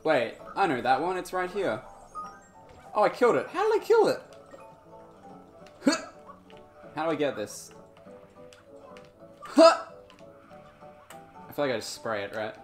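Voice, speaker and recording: A man's voice: a little high, very animated, fairly quick, pauses often. A man streaming a game live, chatting with viewers in a laid-back way, laughing often and humming along. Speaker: gaming streamer. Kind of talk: live gameplay commentary. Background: game music.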